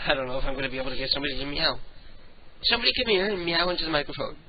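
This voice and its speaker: A man's voice: a little high, racing, lo-fi sound, a little hiss or hum. A man hosting a late-night internet radio show, rambling in a crude, self-mocking way.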